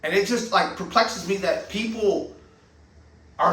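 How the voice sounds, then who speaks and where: Man, heated profane rant, high voice, bright edge, distant mic, roomy echo. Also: measured pace, long pauses, slight background noise. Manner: profane, heated, rhetorical questions. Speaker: channel host. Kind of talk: ranting monologue.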